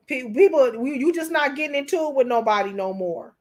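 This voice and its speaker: Emotional, preachy high-voiced woman. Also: expressive, brisk, few pauses. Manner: preachy, repeats herself, calls listeners honey. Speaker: commentator. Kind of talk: emotional commentary.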